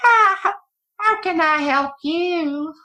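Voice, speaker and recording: A woman voicing a tiny village healer woman in rags and feathers who speaks in a squeaky, wavering voice. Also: takes it slowly, sharp tone, heavily acted. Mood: welcoming.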